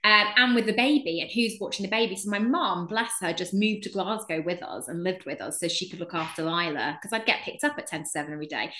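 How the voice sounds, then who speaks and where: A woman's voice: fairly low pitch, fast, hardly any pauses, echoey room. A woman from England in her thirties, a guest telling a story in casual chat and acting out what everyone said. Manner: animated storyteller acting out quoted voices.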